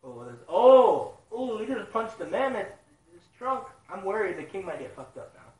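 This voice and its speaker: A man reading a manga chapter live and reacting with excited, profane outbursts. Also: high voice, moderate pace. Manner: excitable, swears a lot, loud outbursts. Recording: roomy sound, mic at a distance.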